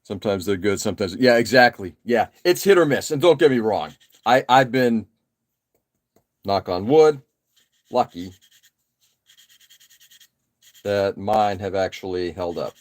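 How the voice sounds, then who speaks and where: This forties-aged man speaks at a fairly low pitch and normal speed while hosting a live stream. Working on a model kit, he rambles in relaxed, casual chat full of "uh" fillers and jokes at his own expense.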